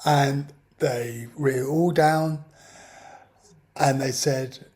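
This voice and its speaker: A man's voice: mid-range voice, steady tone, very slow, a little mellow, slightly rough. A man telling a personal story in an exasperated, ranting way. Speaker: vlogger. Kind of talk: personal account monologue.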